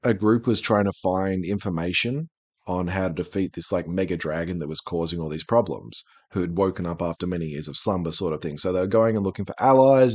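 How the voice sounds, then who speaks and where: A man hosting a podcast in casual chat, talking in an animated, rambling way with frequent restarts. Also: deep voice, no echo. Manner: rambling, animated, self-interrupting. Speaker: podcast host.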